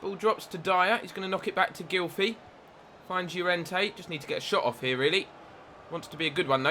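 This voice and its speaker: A young man giving excitable play-by-play commentary on his own football video game match, with asides about his tactics. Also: high-pitched, fairly quick, a little hiss or hum. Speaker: gaming YouTuber.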